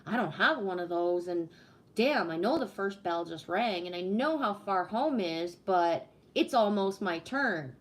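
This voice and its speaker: A middle-aged woman from Canada chatting casually on a livestream, telling stories in an animated way with a lot of swearing. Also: medium pitch, a little slow. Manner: animated storytelling with heavy swearing. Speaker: livestream host.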